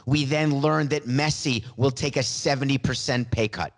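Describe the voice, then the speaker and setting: A man's voice: medium pitch, fairly even intonation, normal speed. A man hosting a solo podcast monologue, emphatic and opinionated, with self-deprecating asides, on a studio mic. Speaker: podcast host.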